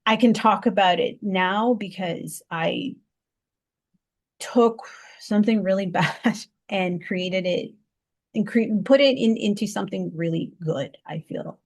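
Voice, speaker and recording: A woman interview guest telling a personal story in conversation, heartfelt, often stopping to restart and repeat words. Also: unhurried. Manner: heartfelt, lively pitch swings.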